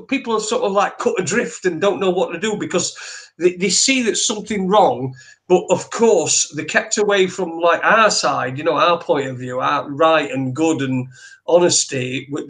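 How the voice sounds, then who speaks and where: High-voiced sweary man ranting. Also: normal speed. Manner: sweary, animated ranting with many restarts. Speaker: podcast co-host. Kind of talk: ranting opinion chat.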